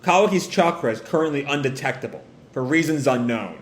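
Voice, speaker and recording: A man's voice: mid-range voice, animated, a little fast, slight background noise, close to an everyday voice. A man voicing a stern adult village leader and father, giving firm commands. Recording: roomy echo.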